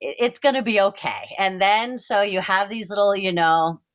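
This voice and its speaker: A woman who works at a dog park and gallery, chatting in an interview, full of "you know" and soft laughs. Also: mid-range voice, normal speed. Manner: warm storytelling with frequent "you know" and light laughs. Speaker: staff member at Dog Mountain. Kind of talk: casual interview conversation.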